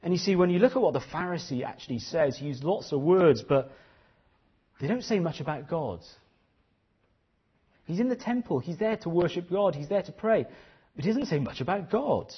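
A man's voice: fairly high pitch, big pitch swings, moderate pace, slightly rough, highs cut off. A man preaching a sermon, earnest and questioning, often repeating his phrases.

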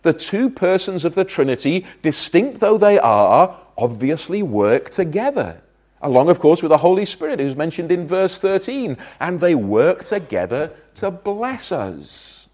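A man preaching a sermon from Wales, earnest and emphatic, his loudness swelling and dropping as he makes his points. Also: a little high, sing-song, a little slow.

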